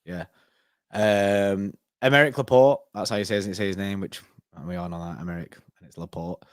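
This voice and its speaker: Young male co-host, casual and animated, dry close sound. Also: sits low, normal speed, clear, resonant tone, no echo. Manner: animated, laughs often, lively bursts. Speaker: co-host of fan live stream. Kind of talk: casual chat.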